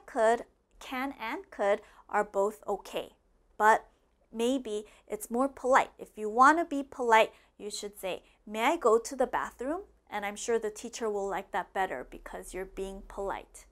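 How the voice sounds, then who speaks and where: A woman teaching English in a slow, patient way. She repeats each phrase and keeps checking in with "okay?". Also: mid-range voice, a bit bright. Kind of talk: slow classroom explanation. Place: classroom with a board.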